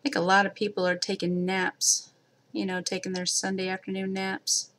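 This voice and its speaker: A woman's voice: mid-range voice, completely flat delivery, normal speed, fairly bright tone. A woman hosting a casual crafting livestream, rambling and talking to herself as she works. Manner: rambling, self-talk while working.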